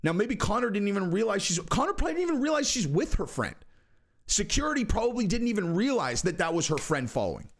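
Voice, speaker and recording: A man ranting on his own commentary channel, blunt and exasperated. His voice sits somewhat high for a man. He keeps hammering the same rhetorical questions and sometimes jumps up to a shout. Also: sing-song, fast talker. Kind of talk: animated commentary rant.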